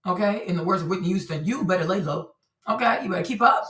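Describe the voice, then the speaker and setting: Animated woman streamer in echoey room. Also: fairly low pitch, fast talker, recorded from a distance. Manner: animated, repetitive, talks to her audience. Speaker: streamer commentator. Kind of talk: livestream commentary. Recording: roomy echo, voice a bit off-mic.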